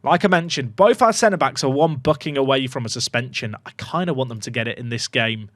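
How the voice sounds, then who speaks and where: A man commentating his own football management game, excitable and jokey, reacting loudly to goals. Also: mid-range voice, brisk, dry recording. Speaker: gaming YouTuber.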